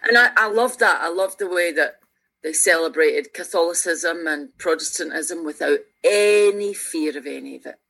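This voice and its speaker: A woman's gravelly, low-side voice moves at normal speed. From Scotland and around sixty, this Glaswegian-accented musician guest on the radio shares reflective stories earnestly and with feeling, animated and prone to frequent restarts.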